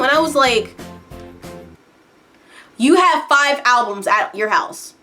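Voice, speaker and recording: A young woman vlogger talks straight to camera, excitable and quick to squeal. Her voice sits high and sounds bright. Faint music plays underneath. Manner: excitable, breaks into high squeals when retelling. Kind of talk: casual storytelling to camera.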